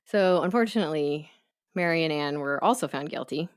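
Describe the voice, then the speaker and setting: Brief: deep-pitched woman host, casual chatty storytelling, quick asides. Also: animated, clear, resonant tone. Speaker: podcast host.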